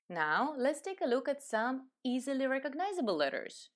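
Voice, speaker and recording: A woman with a Russian accent, a native Russian speaker, teaching letters and sounds step by step with slow demonstrations. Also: sits high, big pitch swings. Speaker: language teacher. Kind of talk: step-by-step pronunciation lesson.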